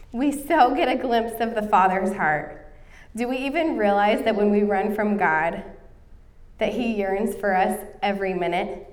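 A woman's voice: medium pitch, measured pace, far from the mic. A woman in her thirties preaching a sermon, telling a personal story in an earnest way. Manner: earnest, storytelling, coughing now and then.

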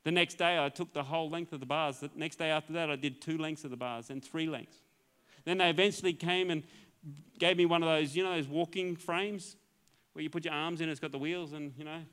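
Man telling a lively testimony. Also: fairly high pitch, fairly quick, smooth. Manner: storytelling, acts out dialogue, laughs often. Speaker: pastor. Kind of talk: testimony sermon.

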